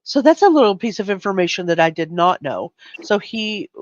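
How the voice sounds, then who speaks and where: A man's voice: sits high, big pitch swings, a little fast, highs cut off. A man hosting a live true crime chat, earnest and emotionally shaken, often stumbling over his words. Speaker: host.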